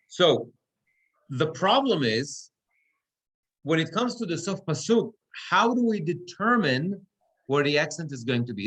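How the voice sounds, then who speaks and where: A man's voice: fairly high pitch, fairly bright tone. Man teaching Torah reading. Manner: patient, explains step by step, checks students follow. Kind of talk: class instruction. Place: synagogue classroom or online class.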